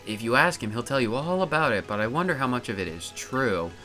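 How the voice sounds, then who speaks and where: A man's voice: medium pitch, animated, brisk, sharp tone, faint music behind. A man reading as Goombella, nosy goomba girl. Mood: chatty. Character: young female goomba student, cheerful and nosy. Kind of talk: reading game dialogue on a live stream.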